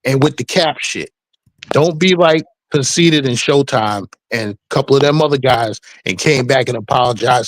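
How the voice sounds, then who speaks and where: A man's voice: medium pitch, animated, normal speed, no echo. A man on an online panel who speaks assertively and addresses the chat directly.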